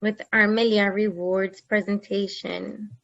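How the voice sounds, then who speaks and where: A woman's voice: mid-range voice, flat delivery, measured pace, gravelly, fairly bright tone, no room sound, lo-fi sound. A woman hosting an online webinar from home over a video-call mic, effusive and enthusiastic, repeating phrases for emphasis. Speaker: webinar host. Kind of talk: presenting a webinar.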